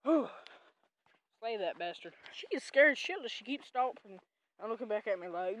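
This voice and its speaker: A woman with a slightly high voice vlogs outdoors on a farm, talking into a handheld camera. She is loud and excitable, and she swears and jokes as she walks. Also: normal speed, poor audio. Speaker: vlogger. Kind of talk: casual vlog while walking.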